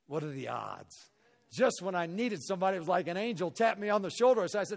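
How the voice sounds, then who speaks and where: A middle-aged man from Missouri giving a motivational talk to a hall audience, telling an animated story and acting out the dialogue. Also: high voice, fast talker, creaky. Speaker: guest speaker. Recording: echoey hall reverb.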